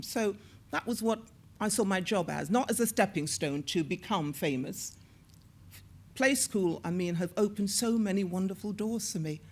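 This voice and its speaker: A woman in her sixties, an actor and former TV presenter, telling lively stories in an onstage interview and acting out the voices she quotes. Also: medium pitch. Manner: lively storyteller who acts out quoted voices. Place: on a stage at a screening event.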